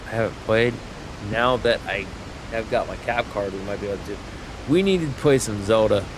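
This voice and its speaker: A man's voice: lowish voice, moderate pace, noisy background. A man streaming a game, chatting casually and rambling with lots of fillers and restarts. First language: English. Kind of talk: casual livestream chat while gaming.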